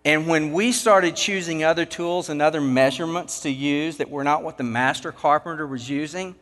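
A man's voice: fairly high pitch, moderate pace, fairly bright tone. A man preaching a sermon, telling a folksy work story with casual, down-to-earth phrasing. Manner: folksy storytelling with acted quotes. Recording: long hall reverb.

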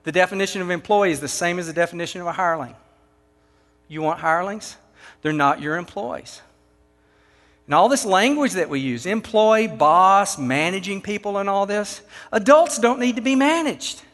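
A high-pitched male pastor speaks at a normal speed with lively intonation and a slightly bright tone. With a Texan accent, he delivers an emphatic sermon to church leaders full of rhetorical questions. The recording has a long hall reverb.

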